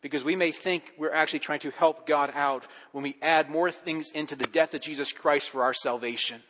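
A male pastor preaching a sermon with rising intensity and dramatic pauses. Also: a little high, fairly even intonation, fairly bright tone, a little hiss or hum. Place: church sanctuary. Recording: long reverb of a church hall.

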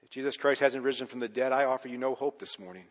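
A man preaching a sermon as pastor, pressing hard on key words and then dropping low and quiet at the ends of his points. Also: fast, big-room sound. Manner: emphatic, swinging between loud urgent stresses and low quiet endings.

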